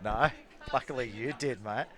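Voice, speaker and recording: A man calling rugby league play-by-play, joking with his co-commentators and shouting when play heats up. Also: medium pitch, normal speed. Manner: teasing banter, shouting excitedly at tries.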